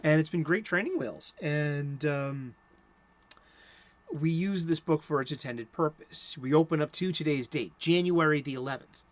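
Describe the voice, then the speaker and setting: A man's voice: fairly high pitch, a little slow. A middle-aged American man hosting a casual chat, rambling with many fillers and restarts. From United States. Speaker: host.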